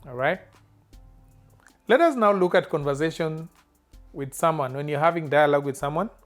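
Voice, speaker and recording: A man teaching a language lesson, saying each phrase slowly and repeating it clearly. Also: a little high, soft background music. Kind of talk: slow spoken language lesson.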